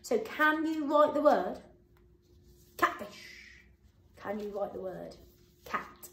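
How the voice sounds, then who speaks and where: A woman teacher giving a phonics lesson to young children, sounding out letters slowly and clearly and praising warmly. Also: fairly high pitch, expressive. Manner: encouraging praise. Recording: roomy echo.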